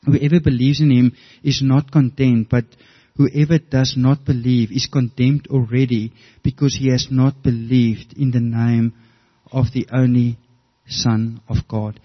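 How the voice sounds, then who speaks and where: A man's voice: mid-range voice, level tone, a little slow, dull audio. A middle-aged man preaching a sermon, earnest and storytelling, often restarting his words. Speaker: pastor.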